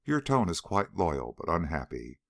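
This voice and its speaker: A man reading the part of a calm, dry-witted male secret agent in an audiobook. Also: low voice, creaky, exaggerated voice. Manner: dry, mild, measured.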